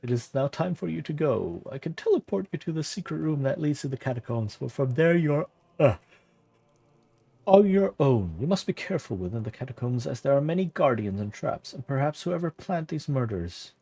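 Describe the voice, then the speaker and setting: A man voicing a kindly old monk who protects a young ward, reading the old-fashioned dialogue aloud softly. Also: a little high, expressive, normal speed, gravelly, breathy edge, heavily acted. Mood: gentle.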